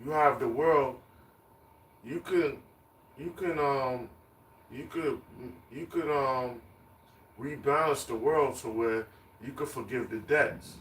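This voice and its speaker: A man's voice: mid-range voice, slow, long pauses, fairly bright tone. A man preaching on the street, emphatic and repetitive, chanting lists of words. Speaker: street teacher. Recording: echoey, distant mic, faint ambience.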